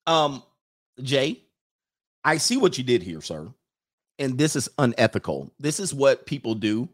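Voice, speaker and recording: A man's voice: medium pitch, sing-song, measured pace. A man hosting an opinionated commentary video, reacting to viewer comments in a blunt, mocking and slangy way.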